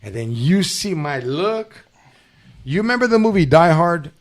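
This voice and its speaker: A man's voice: fairly high pitch, a little slow. A man hosting a podcast, telling profane street stories in casual chat and acting out the people he quotes. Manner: animated, profane, acts out quoted voices. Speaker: podcast host. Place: studio.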